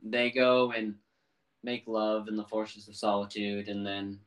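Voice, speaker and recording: Relaxed man, roomy and far from the mic. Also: on the low side, measured pace, a little hiss or hum. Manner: loose, rambling plot recap with many fillers. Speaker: podcast co-host. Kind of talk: casual chat.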